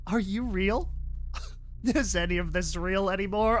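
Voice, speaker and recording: Excitable man reacting with mild swearing. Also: sits high, measured pace. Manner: excitable, swears mildly, laughs and gasps often. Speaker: online reaction host. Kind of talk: reacting to and reading a horror comic slideshow.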